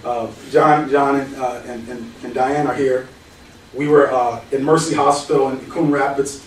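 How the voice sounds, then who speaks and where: A pastor with a mid-range voice speaks at normal speed and in a steady tone, teaching the Bible verse by verse conversationally, quoting scripture and telling anecdotes. The mic is distant in an echoey hall, with slight background noise.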